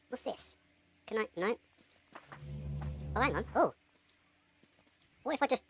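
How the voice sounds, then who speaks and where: Excitable woman gaming, lots of swearing. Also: a little high, a little hiss or hum. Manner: excitable, swears a lot, talks to herself, yelps and laughs. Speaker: gamer playing a horror game. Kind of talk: swearing, laughing let's-play commentary.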